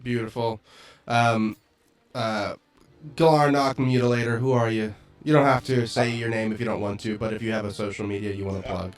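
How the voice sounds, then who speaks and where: A young man running a tabletop game as game master, relaxed and laughing often. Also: lowish voice, normal speed, soft background music.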